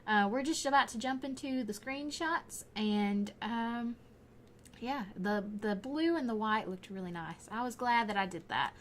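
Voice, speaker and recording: A woman's voice: fairly high pitch, a little slow, a little hiss or hum. A young woman with a Southern Alabama accent, rambling casually with frequent laughs as she voices over her gaming video. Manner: rambling, chatty, often laughing. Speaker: gaming YouTuber.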